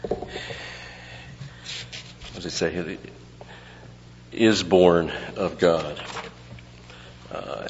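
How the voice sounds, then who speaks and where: A man's voice: sits low, a bit bright. Man, pastor, expository sermon, repeats lines for emphasis, dull lo-fi sound. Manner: teaching verse by verse, explaining grammar, repeats phrases for emphasis. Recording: lo-fi with long hall reverb.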